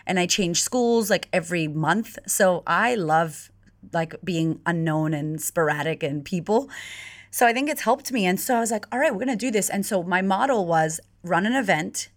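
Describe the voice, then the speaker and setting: A middle-aged woman, an animated podcast guest who laughs easily and swears casually. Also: lowish voice, normal speed. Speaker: podcast guest, confidence coach. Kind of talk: casual interview chat.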